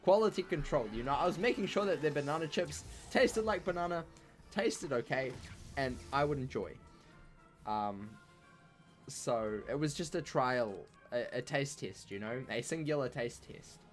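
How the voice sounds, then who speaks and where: A man's voice: medium pitch, expressive, normal speed, soft background music. A man streaming a game and chatting casually with his viewers in a playful, jokey, rambling way, full of fillers. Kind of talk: casual live-stream chat while gaming.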